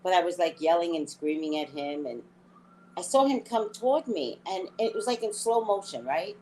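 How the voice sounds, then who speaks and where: Animated middle-aged woman telling a story. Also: on the low side, normal speed, slight background noise. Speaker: psychic reader. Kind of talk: live reading chat.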